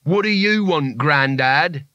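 A bullying thug leader snarls his threats in a raised, pushed-up voice, as a man puts him on in a storybook reading. The tone is dry and close, with a bright edge and lively swings in pitch. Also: takes it slowly, no echo, lo-fi sound, heavily acted. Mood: snarling. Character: gruff menacing male thug leader, bullying.

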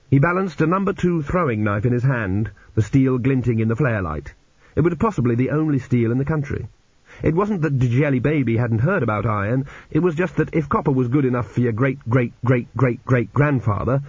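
A man narrating an audiobook in an expressive reading voice. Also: medium pitch, breathy edge, no room sound. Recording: dull lo-fi recording.

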